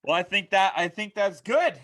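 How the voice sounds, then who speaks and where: A man hosting a fantasy wrestling show, narrating the matches play-by-play with energy that rises to shouts at big moments. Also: high-pitched, animated, normal speed.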